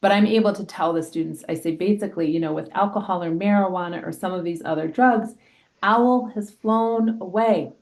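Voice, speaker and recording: Low, gravelly-voiced woman teacher. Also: fast talker, hardly any pauses. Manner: lively, explains with examples and laughs. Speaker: elementary school health educator. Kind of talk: casual interview talk.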